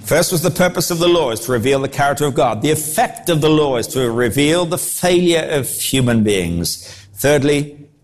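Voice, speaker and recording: A man preaching a sermon, acting out the crowd's reactions with animated delivery. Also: fairly high pitch, moderate pace, faint music behind.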